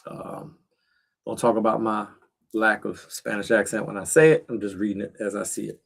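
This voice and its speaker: A man's voice: on the low side, steady tone, normal speed, gravelly, husky. Laid-back man streaming from a shed. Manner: laid-back, talks straight to viewers with slang and fillers. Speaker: livestream host. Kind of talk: casual livestream chat. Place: backyard shed in the cold.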